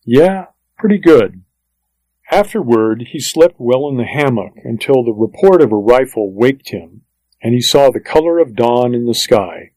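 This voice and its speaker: A man giving scripted audiobook narration in a steady, even storytelling delivery. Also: mid-range voice, moderate pace, no room sound, low-quality recording.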